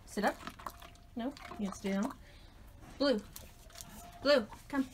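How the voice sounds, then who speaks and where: A woman's voice: on the high side, slow. A woman who works at an animal shelter, filming outdoors on a phone and coaxing a dog with repeated commands and calls. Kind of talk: casual talk to a dog while filming. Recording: loud background noise outdoors.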